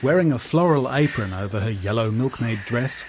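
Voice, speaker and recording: A man's voice: mid-range voice, animated, normal speed, a little hiss or hum. A man narrating stage directions in a plain, matter-of-fact way.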